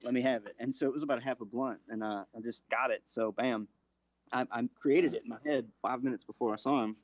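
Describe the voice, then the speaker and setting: Man, casual radio chat, excitable, rambling, ordinary pitch. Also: fast talker, dry recording, poor audio.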